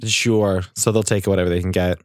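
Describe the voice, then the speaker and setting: A man with a lowish voice plays the earnest straight man, asking mock-serious questions. He co-hosts a loose, improvised comedy podcast. The recording is close and dry. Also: flat delivery, fairly quick, no echo. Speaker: podcast co-host. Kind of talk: casual improvised comedy chat.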